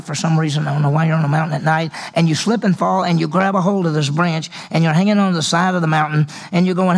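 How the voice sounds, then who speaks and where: Guy pastor preaching, kinda high voice, raspy, acts out little back-and-forths. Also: quick pace. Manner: conversational preaching with acted dialogues and repetition. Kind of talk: sermon.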